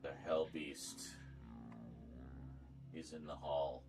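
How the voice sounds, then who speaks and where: A man's voice: a bass voice, flat delivery, drawn-out words, loud music behind the voice. A man streaming live, chatting casually and rambling to his viewers and his pets.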